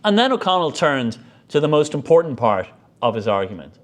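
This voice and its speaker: A man giving a public history lecture as a lively storyteller. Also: fairly high pitch, brisk. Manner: animated storyteller.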